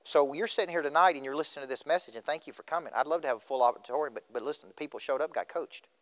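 Animated man speaking in a hall. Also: fairly high pitch, rapid-fire. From Tennessee. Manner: animated, questions the audience directly. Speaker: motivational speaker. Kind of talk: motivational speech. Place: school auditorium. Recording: reverberant auditorium.

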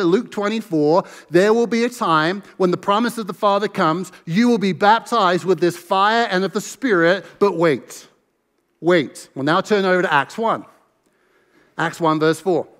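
A man's voice: high-pitched, fairly bright tone, in a large hall. An American man, a pastor, preaching an earnest sermon and reading scripture aloud with emphasis. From United States. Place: church sanctuary.

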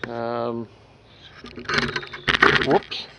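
Slow-talking farmer vlogging while working. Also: male voice, mid-range voice, level tone. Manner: slow, plain-spoken, thinking aloud. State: straining under heavy lifting. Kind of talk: casual narration while working. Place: farm workshop with a tractor. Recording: dull lo-fi sound with faint noise.

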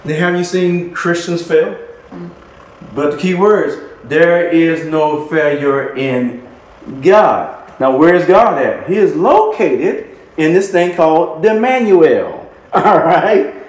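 A man preaches a sermon with emphatic, repeating phrases and little chuckles between points. His voice sits a touch high. The recording has a roomy, echoing sound. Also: lively intonation, measured pace. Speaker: minister. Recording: echoey room.

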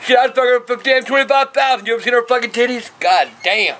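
Older man, blunt and profane, with a high, bright, sharp voice. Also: fast talker, a little hiss or hum. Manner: profane and blunt, peppered with curses. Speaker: show host answering viewer questions. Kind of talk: casual talk to camera.

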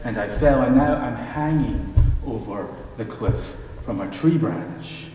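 A man's voice: unhurried, a little hiss or hum, lightly acted. A man voicing a desperate stranded hiker calling for help, in a pleading, raised voice, heard from far off in an echoey church. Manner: desperate, pleading, higher and louder. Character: panicky man dangling from a cliff branch.

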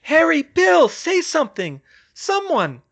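A man voicing a frantic young woman, pleading and crying out in a high, strained voice. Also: huge pitch swings, slow, vocal fry, a bit bright, full character voice.

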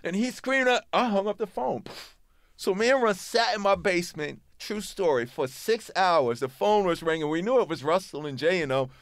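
A middle-aged man, a rapper visiting a radio studio, telling an animated story and acting out the voices and sounds of others. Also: high-pitched, normal speed, no echo. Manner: lively storyteller, mimics voices and sounds, says true story. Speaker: rapper guest on radio show. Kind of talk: animated storytelling with acted quotes.

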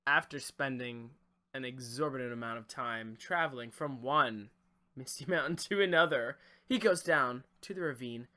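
A man's voice: medium pitch, moderate pace, sharp tone. A man co-hosting a comedy podcast, narrating an improvised tale in mock-grand wording with giggles. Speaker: podcast co-host.

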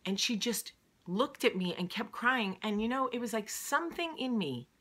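A woman's voice: fairly high pitch, expressive, normal speed, a bit bright. A woman, hosting a casual, heartfelt video monologue in an earnest, emotional way. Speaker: vlog host.

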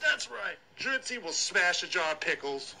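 A man's voice: high-pitched, very animated, moderate pace, gravelly, pushed and bright, a little hiss or hum, full character voice, poor audio. A man voicing a brash, foul-mouthed hothead who rants profanely in a comedy phone message. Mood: ranting. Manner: profane, aggressive ranting.

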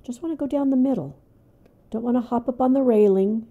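An older woman hosting a gaming channel, talking herself through a tense game in casual commentary, dropping to hushed whispers and then bursting out loud. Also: fairly high pitch, fairly quick, phone-quality sound. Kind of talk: casual let's-play commentary.

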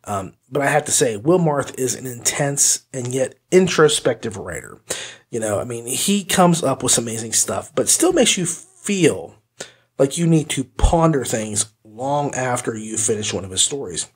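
Husky and sing-song, a mid-range male voice at normal speed belongs to the host of an audiobook review podcast. His casual chat is rambling and goofy, complete with hummed pretend music.

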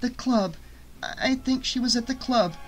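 A man's voice: very high voice, normal speed, soft background music, pitched above the performer's own voice, rough recording. A man reading an audiobook, voicing a frightened young woman who talks in an urgent, pleading way. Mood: urgent distressed.

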